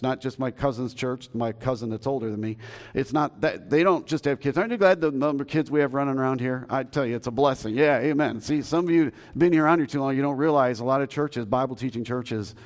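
In a church sanctuary, a male pastor in his fifties delivers a sermon in a medium-pitched, darkish voice. His storytelling is homespun and playful, with many false starts.

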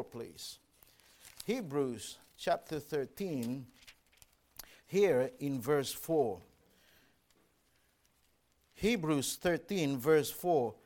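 A male preacher delivers a sermon in an earnest, emphatic way, pausing over his scripture readings. His voice sits a little high, and his pitch rises and falls a great deal. He takes his time, with an unhurried pace. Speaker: pastor.

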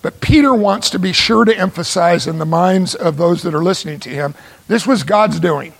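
A man delivers a sermon in a high voice with a gravelly edge and a husky grain. He drives points home by repeating phrases and posing rhetorical questions. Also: moderate pace. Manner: emphatic, repeats phrases for stress. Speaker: preacher.

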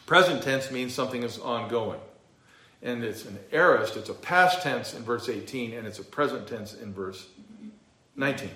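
A man's voice: medium pitch, normal speed, pushed and bright, roomy sound. A male pastor teaching a verse-by-verse sermon, emphatic, with a few fillers. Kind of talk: expository sermon.

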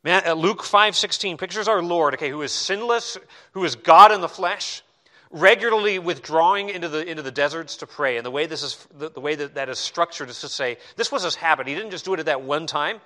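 A male pastor delivering a sermon with a bright, forceful tone and a voice set a little higher than most men's. He preaches in an animated, conversational way and drops in self-deprecating asides. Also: fairly quick.

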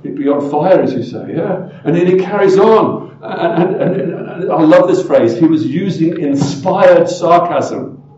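A man preaching a sermon as pastor, emphatic and full of rhetorical questions, often swinging from loud to hushed. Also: on the high side, measured pace, echoey room, muffled recording, slight background noise.

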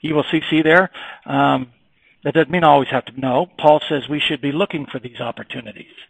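A man preaching a sermon, emphatic and repetitive, swinging between quiet reflection and raised, insistent passages. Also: a little high, fairly quick, gravelly, dry recording, low-quality recording.

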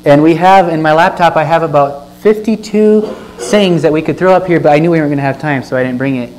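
A man's voice: fairly high pitch, fast talker, a little mellow, rough recording. A man preaching a sermon, reading scripture aloud and explaining it with earnest stresses and questions to the listeners. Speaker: pastor. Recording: faint mains hum.

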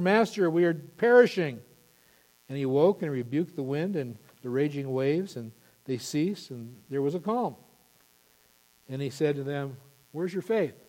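A male pastor preaching an impassioned sermon, building to loud emphatic peaks. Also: a little high, big-room sound.

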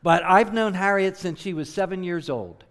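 Middle-aged male missionary preacher from southern New Jersey, slightly high, earnest and emphatic delivery. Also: moderate pace, fairly bright tone. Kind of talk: sermon.

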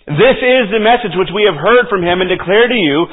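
A man's voice: high voice, animated, brisk, hardly any pauses. A man preaching a sermon as pastor, emphatic and repeating key phrases for stress. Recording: tinny phone-like audio.

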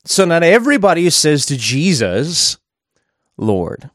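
A man's voice: fairly high pitch, sing-song, unhurried, fairly bright tone, no room sound, clean studio sound. A man preaching a sermon in a conversational way, thinking aloud and adding asides as he explains a verse.

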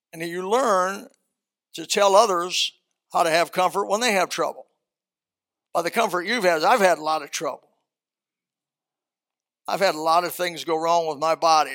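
An older man with a high-pitched voice preaching to his congregation. He reads scripture slowly, then slips into folksy stories. His speech stays plain and conversational between the readings. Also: fairly bright tone. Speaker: pastor. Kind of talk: sermon.

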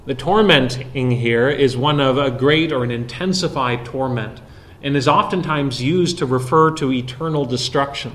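Man, preacher, earnest sermon, steady mid-range voice, pauses with "uh". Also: mid-range voice.

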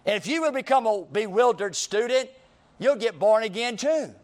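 A man's voice: high-pitched, animated, normal speed. A man preaching a sermon as pastor, driving his points home with repeated questions and rising emphasis.

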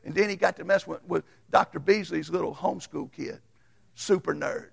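A man preaching a sermon as a Baptist pastor, folksy and storytelling, swinging from loud to hushed. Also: high-pitched, steady tone, a little fast, vocal fry, husky.

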